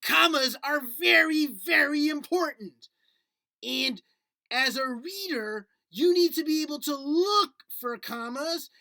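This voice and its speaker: A man's voice: very high-pitched, expressive, slow pace, pushed and bright, pitched above the performer's own voice, exaggerated voice. A man voicing a small, fretful male puppet creature who holds a grudge, talking in a whiny, indignant sing-song. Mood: eager. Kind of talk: puppet skit in a lesson.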